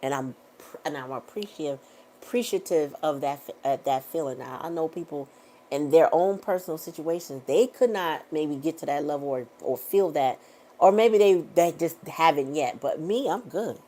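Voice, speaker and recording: Middle-aged woman tarot reader with a low voice, blunt and profane, talks in a casual motivational way. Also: normal speed, mellow. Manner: emphatic, repetitive affirmations.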